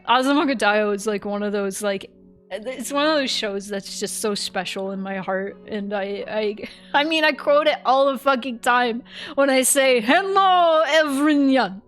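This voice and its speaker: A chatty woman streamer talking casually between gameplay, her voice pitched a little high. She gets animated, laughs easily and swears freely. Faint music plays underneath. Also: normal speed. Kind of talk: casual livestream chat.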